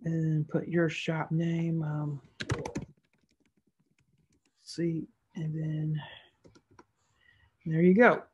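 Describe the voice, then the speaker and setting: A woman's voice: deep voice, little pitch movement, drawn-out words, pauses often, lo-fi sound, slight background noise. A woman narrating a screen-recorded tutorial as an online seller, casual and thinking aloud as she clicks through each step.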